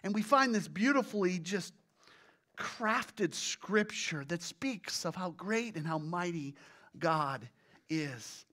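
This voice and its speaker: A pastor preaching a sermon, swinging from hushed, low passages to loud exclamations and acted groans. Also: lively intonation, takes it slowly. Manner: illustrates with everyday examples and acted groans.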